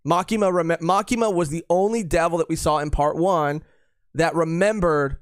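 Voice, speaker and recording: A man's voice: fairly high pitch, moderate pace, no echo, clean studio sound. A man co-hosting a podcast live stream, chatting casually and rambling with lots of fillers and repeated phrases. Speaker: podcast co-host.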